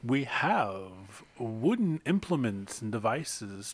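A man co-hosting a podcast, chatty with bursts of excitement, reading sponsors. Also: mid-range voice, moderate pace. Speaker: podcast co-host. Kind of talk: casual podcast chat.

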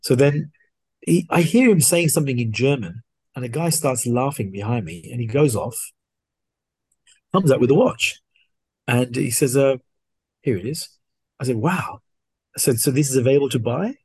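Husky-voiced man telling a story. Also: mid-range voice, normal speed, long pauses, no room sound. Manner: animated, acts out dialogue. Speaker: guest watch collector. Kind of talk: casual storytelling.

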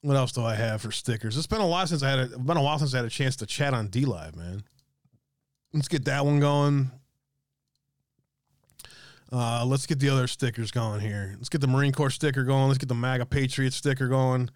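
A man's voice: mid-range voice, brisk, no room sound, studio quality. A man hosting a casual livestream, reading viewer comments aloud and joking, with frequent swearing. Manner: profane, jokey, reads chat comments aloud. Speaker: livestream host reading chat.

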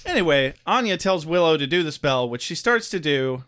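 A man co-hosting a casual recap podcast, his voice sitting a little high and moving through a wide, animated range. He talks in a joking, irreverent way. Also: a little fast, clear, resonant tone. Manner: joking and irreverent, laughs often. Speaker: podcast co-host. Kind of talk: casual chat recapping a TV episode.

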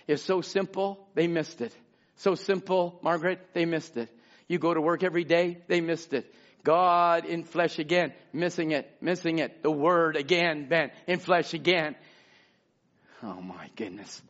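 A high-pitched man preaches with a gravelly edge, sometimes hushed and sometimes shouting to his congregation. The sound is dull and lo-fi. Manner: fervent preaching, swings from quiet talk to shouting. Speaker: pastor. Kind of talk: sermon.

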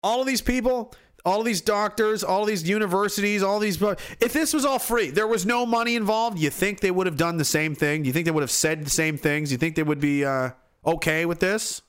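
A man's voice: high voice, a little fast, smooth. Profane ranting man. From Atlantic Canada. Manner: profane, ranting, swings from shouting to muttering. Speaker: livestream host reading chat. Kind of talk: angry ranting livestream talk.

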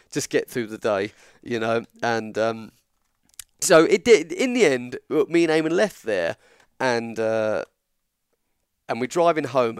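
A man's voice: medium pitch, dry recording, studio quality. An English man telling a long story in casual chat, acting out the lines of the people in it. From England. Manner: animated, acts out dialogue in quotes. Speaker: guest storyteller.

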